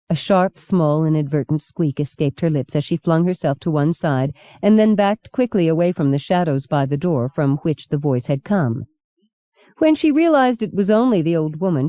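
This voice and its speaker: A woman narrating an audiobook in a measured, steady reading. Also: deep voice, dry recording. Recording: dull lo-fi cassette recording.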